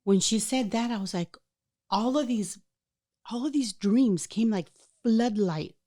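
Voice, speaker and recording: A woman hosting a podcast, chatting casually and telling a personal story in an animated way, acting out the voices of people in it. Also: on the high side, a little slow. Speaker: podcast host.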